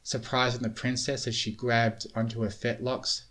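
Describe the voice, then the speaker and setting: A man reading a storybook tale aloud in a steady, measured way. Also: mid-range voice. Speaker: reader. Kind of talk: storybook narration of fan fiction.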